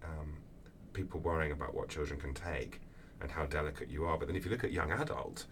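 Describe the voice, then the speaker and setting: A man answering interview questions as an author, telling lively anecdotes with acted-out voices. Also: extremely low pitch, brisk. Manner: animated storyteller, acts out voices in anecdotes. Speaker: author guest. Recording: distant mic with faint background noise.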